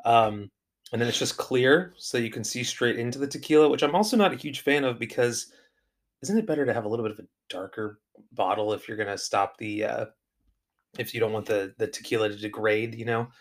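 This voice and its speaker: A young man co-hosting a relaxed podcast conversation. His voice sits at a medium pitch. He talks loosely and opinionatedly, filling pauses with ums and circling back on his thoughts. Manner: opinionated, rambling with fillers. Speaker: podcast co-host. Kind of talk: casual chat.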